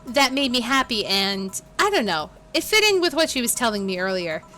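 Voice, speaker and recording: Woman reading a playful, high-voiced flirt for a game read-through. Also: sing-song, normal speed, bright, forceful tone, soft background music. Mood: teasing. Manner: playful, teasing.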